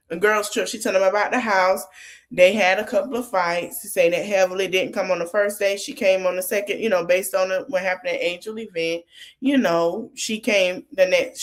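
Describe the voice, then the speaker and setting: A woman podcast host casually recapping a TV episode, retelling the scenes line by line in a loose, chatty way. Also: mid-range voice. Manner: retells scenes quoting each line of dialogue; loose, conversational with many fillers.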